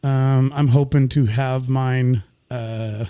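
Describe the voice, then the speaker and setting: A man's voice: medium pitch, steady tone, slow, warm tone, clear, resonant tone. A man co-hosting a livestreamed podcast in casual, teasing banter. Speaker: podcast co-host.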